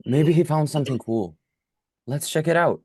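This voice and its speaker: A man's voice: fairly high pitch, normal speed, darkish tone, no echo, studio quality, close to an everyday voice. A man reading lines as a joking, sarcastic boy at a rehearsal read-through. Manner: teasing, sarcastic. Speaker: actor in a rehearsal.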